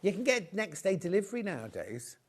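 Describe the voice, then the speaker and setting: A man with a fairly high voice that leaps up and down as he presents fabrics on live shopping television. He chats and rambles, drifting into stories between prices. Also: sing-song, fairly quick, husky. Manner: chatty, rambling, full of anecdotes.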